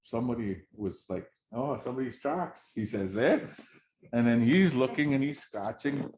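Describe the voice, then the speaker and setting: A man's voice: mid-range voice, lively intonation, normal speed, background noise. A man telling a traditional story to an audience in a casual, chatty way, laughing often and checking in with his listeners.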